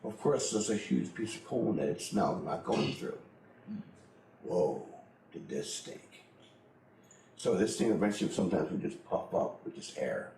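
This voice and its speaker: A man's voice: sits low, sing-song, measured pace, vocal fry, warm tone, echoey room, a little hiss or hum, low-quality recording. A middle-aged man telling a personal story in a blunt, profane way, laughing often as he goes. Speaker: interviewee.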